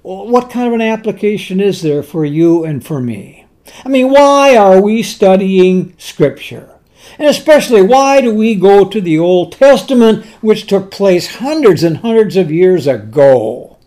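Male preacher, unhurried Bible teaching, leans on key words. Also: high voice, very animated, dark tone. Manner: slow, deliberate Bible teaching with emphatic pauses. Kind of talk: sermon.

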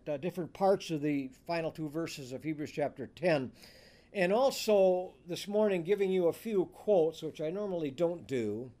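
A man preaching a sermon as pastor, reading scripture aloud with deliberate emphasis. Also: fairly high pitch, dark tone.

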